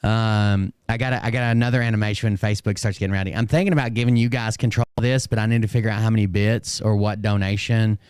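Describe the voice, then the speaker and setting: A man's voice: on the low side, steady tone, fast talker, hardly any pauses, a little mellow, clear, resonant tone, no room sound, studio quality. A man streaming and commenting on clips, blunt and sarcastic and swearing freely, his voice a bit strained. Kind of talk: casual profane commentary.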